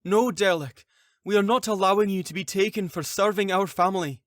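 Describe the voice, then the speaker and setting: A man's voice: a little high, animated, slow pace, a bit bright, no echo, clean studio sound, pitched above the performer's own voice. A man voicing a distraught, defiant mother and wife who pleads in a raised, strained voice. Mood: pleading. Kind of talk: audiobook character voice.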